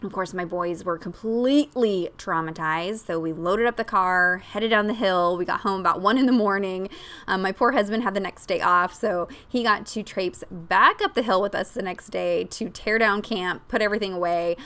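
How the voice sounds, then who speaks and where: A woman in her thirties tells a personal story in a casual vlog, her voice sitting at an ordinary middle pitch. She talks freely and animatedly, filling gaps with ums and likes. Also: moderate pace, a bit bright. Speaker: scrapbooking vlogger.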